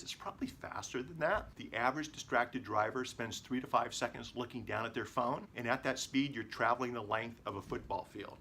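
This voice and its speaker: A middle-aged man, a lawyer, presenting video communication tips to camera in an animated way, shifting his tone and volume for emphasis. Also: medium pitch, a little hiss or hum.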